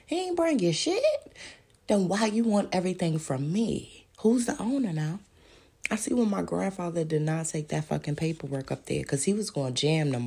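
A woman's voice: on the low side, vocal fry, warm tone, slightly rough. A woman, hosting a podcast and delivering a profane, heated monologue full of rhetorical questions. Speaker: podcast host.

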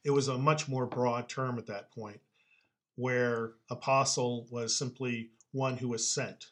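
A man explaining scripture in a casual Bible-study chat, patient and explanatory, quick to laugh. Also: medium pitch, fairly even intonation, a bit bright.

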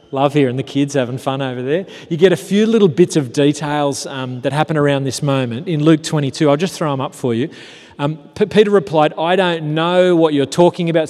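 A man preaching a sermon, telling the story conversationally with rhetorical questions, sometimes animated and sometimes hushed. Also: on the high side. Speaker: pastor. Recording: long hall reverb.

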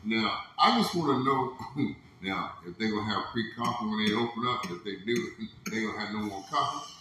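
Laid-back low-voiced man in echoey room. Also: normal speed, sharp tone. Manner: laid-back, laughing, conversational. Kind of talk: casual chat. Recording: very echoey room with faint noise.

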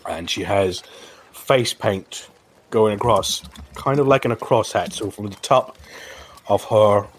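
A man narrating a tabletop game as game master, halting with many fillers and restarts. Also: lowish voice, breathy edge.

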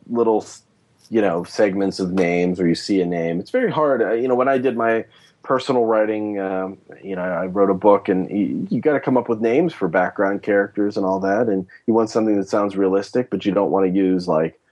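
A man as guest journalist on a podcast, telling stories in a lively, rambling way with many fillers. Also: on the low side. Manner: animated storytelling, lots of fillers. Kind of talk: casual podcast interview.

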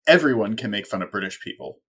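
A man's voice: on the low side, animated, quick pace, pushed and bright, breathy edge. A man co-hosting a casual talk show, making wry, sarcastic asides. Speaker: podcast co-host. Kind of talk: casual chat.

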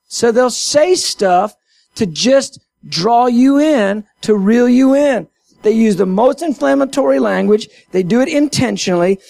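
A man, a Christian minister, talking to his audience in an impassioned, half-sermon style, emphatic and animated, repeating his key phrases. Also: extremely high pitch, creaky, no echo.

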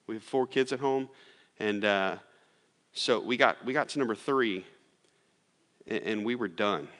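A pastor with a lowish, slightly bright voice preaches a little slowly in a church sanctuary. His sermon unfolds like a casual story, packed with "like," fillers, and restarts. A long hall reverb trails his words.

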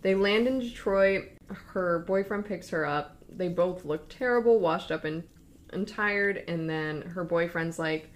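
A young woman casually retelling a true story to a friend, acting out the quoted lines in livelier, higher voices. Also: unhurried. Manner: lively, acts out quoted lines with raised pitch.

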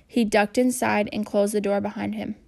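A woman narrating a children's novel aloud in a steady reading voice. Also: mid-range voice, moderate pace, vocal fry. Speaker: audiobook narrator.

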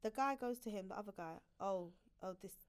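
Young woman, podcast guest, chatty storyteller, mid-pitched voice, laughs a lot. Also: fairly quick, clean tone. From United Kingdom. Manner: chatty storyteller, laughs often, acts out others' lines. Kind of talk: casual podcast chat.

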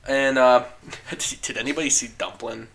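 Chatty opinionated man with a bright voice. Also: medium pitch, fairly even intonation, moderate pace, a little hiss or hum. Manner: chatty, opinionated, with frequent fillers and laughs. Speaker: podcast host discussing film awards. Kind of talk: casual chat.

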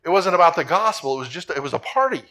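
A man's voice: on the high side, animated, quick pace, sharp tone. A male pastor preaching a sermon with earnest, repetitive emphasis that climbs to emphatic peaks. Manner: earnest, repeats himself, rising to emphatic peaks.

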